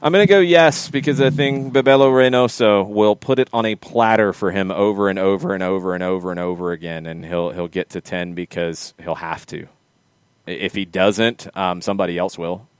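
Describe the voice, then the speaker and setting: A man hosting a casual soccer podcast, quick and lively, teasing his co-hosts. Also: low voice, smooth, dry recording. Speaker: podcast host. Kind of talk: casual sports chat.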